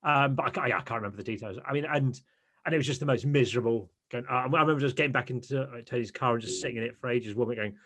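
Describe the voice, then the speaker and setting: A man in his thirties, a podcast guest, telling stories in an animated, ranting way. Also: medium pitch, racing. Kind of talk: casual chat.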